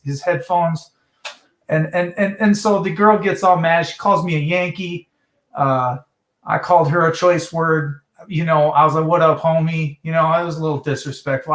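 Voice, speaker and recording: A man's voice: fairly high pitch, fairly bright tone, roomy sound. A man hosting a livestream from South Dakota, rambling and profane, repeating his words as he rants. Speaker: livestream host. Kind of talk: ranting livestream chat.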